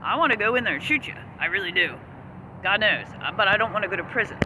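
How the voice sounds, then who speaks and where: A man's voice: sits high, expressive, quick pace. A man delivering an agitated, profane, rambling rant as a vlogger. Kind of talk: angry ranting monologue. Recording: street noise outdoors.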